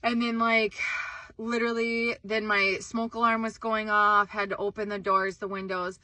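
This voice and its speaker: Young woman vlogging, bright forceful voice, bit high, dry close sound, rambly and excitable. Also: normal speed, no echo. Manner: excitable, animated, screams in retold moments, many "like"s. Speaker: vlog host. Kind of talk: casual storytelling vlog.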